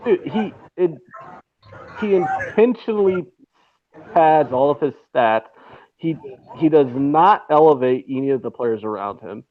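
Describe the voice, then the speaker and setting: A man's voice: on the high side, lively intonation, a little slow, pauses often. A man co-hosting a casual sports betting chat, sarcastic and profane, ranting with heavy swearing over a remote call. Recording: tinny phone-like line, faint noise.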